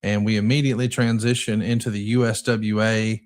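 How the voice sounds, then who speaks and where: A man's voice: on the low side, level tone, brisk, a little mellow. A man hosting a casual podcast, describing old match footage and asking his co-host questions. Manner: leads with questions, narrates footage.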